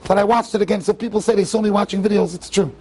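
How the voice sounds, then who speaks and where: Rabbi at a tribute event: a man with a high, husky voice, animated and full of restarts. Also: very fast. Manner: animated, restarts often, mixes Hebrew and Yiddish phrases. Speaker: rabbi speaker. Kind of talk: tribute speech with storytelling. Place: event hall.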